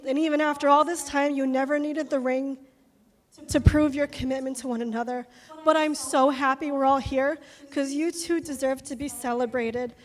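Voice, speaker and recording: A woman's voice: high voice, fairly even intonation, normal speed, long reverb tail. A woman, the bride's sister, giving a nervous wedding toast, laughing and stumbling over her words at a reception.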